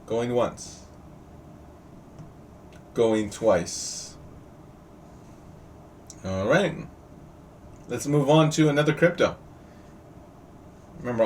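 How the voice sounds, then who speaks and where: A man's voice: medium pitch, darkish tone. A man teaching a live online class over a video call, chatty and jokey, often quizzing his students. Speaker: trading teacher. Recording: distant mic with faint noise.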